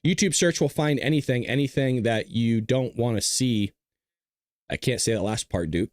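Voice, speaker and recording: A blunt, combative man riffs to his live chat. His pitch swings widely as he talks. The sound is dry and close, and he keeps clearing his throat. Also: lively intonation, normal speed, dry recording. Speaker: show host. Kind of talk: livestream commentary to a chat.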